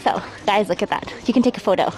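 A woman's voice: mid-range voice, quick pace, a crowd in the background. A woman livestreaming while climbing outdoor stairs, out of breath, talking through a face mask and chatting casually with viewers by name. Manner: chatty, greets viewers by name, self-deprecating. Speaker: travel livestreamer. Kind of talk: casual livestream chat, reading chat aloud. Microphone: wearing a face mask while talking. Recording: outdoor livestream with background noise.

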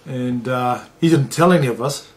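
A middle-aged man recalls his playing days in an interview. He talks plainly, swears freely and acts out what others said, at an everyday pitch. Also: normal speed. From New Zealand. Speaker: former rugby league player. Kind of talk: interview storytelling.

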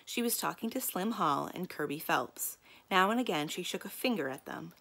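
A woman librarian reads a children's mystery book aloud and talks to her young listeners in between. Her voice sits a little low and has a gravelly creak. Her delivery is calm and inviting. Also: normal speed.

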